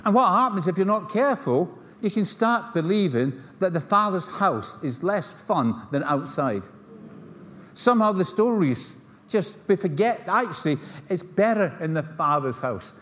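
A middle-aged man with a Scottish accent delivers a sermon in a slightly raised pitch, spinning stories with wry humor and voicing the people in them. His words carry a long reverberant tail from the large hall around him. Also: very animated, normal speed, a bit bright. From Scotland. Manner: storytelling, humorous asides, acts out dialogue. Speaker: pastor.

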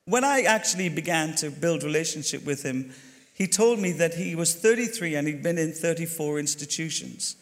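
An Irish man telling a story during his sermon as a pastor, chatty and animated, talking straight to the congregation. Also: a little high, normal speed. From Ireland. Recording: long hall reverb.

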